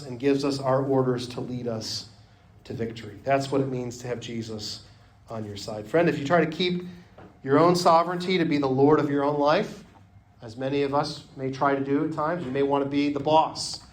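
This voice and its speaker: A man preaching a sermon as pastor, earnest, often dropping to a hush on key phrases. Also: mid-range voice.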